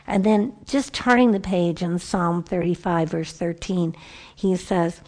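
A woman giving a conversational Bible teaching to a group of women, animated and storytelling, often restarting her sentences. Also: lowish voice, measured pace. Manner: lively, animated storytelling with frequent self-corrections.

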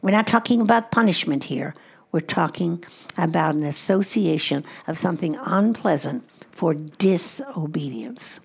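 Low gravelly-voiced woman teaching mothers. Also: normal speed. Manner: earnest, repeats key points for emphasis. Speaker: conference speaker on Christian parenting.

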